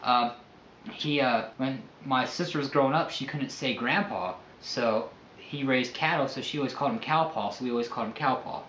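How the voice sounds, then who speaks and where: A man's voice: mid-range voice, moderate pace, a bit bright, reverberant, lo-fi sound, slight background noise. Crude, crass joking man from New Mexico. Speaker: vlogger's boyfriend. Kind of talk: casual chat. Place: home room.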